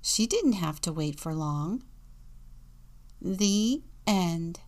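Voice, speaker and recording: A woman's voice: lowish voice, lively intonation, very slow, darkish tone. A woman deacon reading a children's picture book aloud, dropping into whispers for suspense and acting out the sound words.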